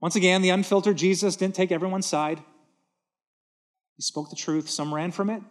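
A man's voice: high-pitched, fairly even intonation, normal speed. Emphatic man preaching a sermon. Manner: earnest, emphatic, repeating words for stress. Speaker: pastor. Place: church auditorium with a stage.

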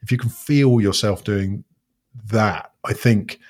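A man's voice: on the low side, slow, darkish tone. A man working as a coach, explaining his ideas in a thoughtful conversational way, often restarting his sentences. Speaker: guest coach.

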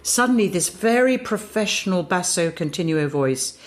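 A woman voice teacher giving a slow, deliberate, reflective workshop talk. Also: on the low side, lively intonation.

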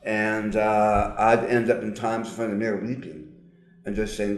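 A man's voice: lowish voice, little pitch movement. Older man, altered diction, roomy sound. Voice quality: slightly altered articulation from tongue surgery. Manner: earnest, emphatic, with frequent pauses and fillers. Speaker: guest, psychologist. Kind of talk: personal testimony in an interview.

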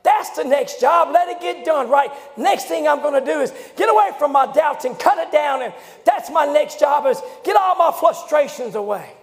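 A man from preaching with a drawl, his voice pushed unusually high and rough with gravel. He swings between hollering and near-whispers. The sound is an echoey church hall, with a faint congregation behind him. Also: lively intonation, normal speed, hardly any pauses. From Louisiana, USA. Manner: fiery preaching, swinging from shouts to low hushed tones. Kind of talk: revival sermon. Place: church sanctuary.

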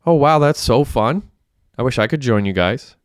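A man's voice: medium pitch, animated, moderate pace, no room sound, studio quality, voice pushed up, close to an everyday voice. A man voicing an affectionate young woman, the narrator's girlfriend in an audiobook, talking eagerly.

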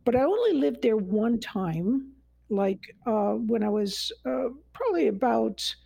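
An American woman, a neuroscience guest expert, explains how learning works in a conversational way, rambling with many restarts and fillers. Her voice is on the high side, sing-song and warm, with vocal fry and a slightly rough edge at a measured pace. The recording has no room sound but dull audio.

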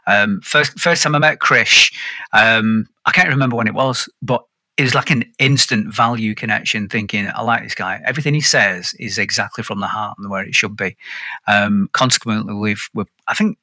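A man hosts a casual podcast chat. He sounds upbeat and a bit rambling, restarting his sentences. His tone is very bright and the sound is dry. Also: on the low side, normal speed, no echo. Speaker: podcast host.

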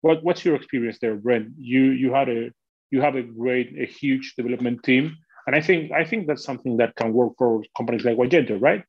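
A man's voice: medium pitch, fairly quick, slightly rough, muffled recording. A man who works as a product manager, a guest in a podcast interview, explaining technical ideas in a fluent, conversational way.

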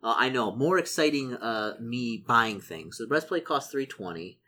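A man plays through a solo tabletop adventure, reading rules and shop lists aloud. He gets excited easily and mutters through his sums. His pitch stays lively and animated. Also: normal speed. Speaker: solo tabletop game player. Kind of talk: casual narration of a solo gamebook.

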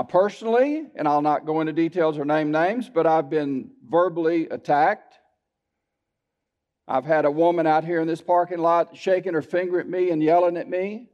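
A male pastor with a notably high voice, preaching in a folksy, storytelling manner. He keeps turning to the congregation with asides. The sound is dull and lo-fi, like an old church recording. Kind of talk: sermon. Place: church sanctuary.

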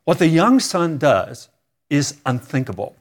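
A man preaching a sermon as a pastor, earnest and emphatic, with dramatic pauses and repeated phrases. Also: fairly high pitch, big pitch swings.

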